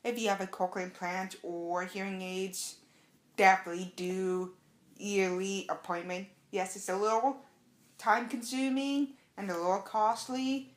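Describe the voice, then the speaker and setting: A young adult woman telling a casual, excited story as a vlogger, acting out the quotes. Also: medium pitch, a little slow, roomy sound. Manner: chatty, excited, acts out quotes.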